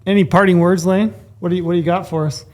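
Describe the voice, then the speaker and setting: A man's voice: sits high, fairly even intonation, fast talker, a little mellow. A young man hosting a podcast, chatting casually and wrapping up the show. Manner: easygoing, wraps up the show. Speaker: podcast host. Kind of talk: casual chat.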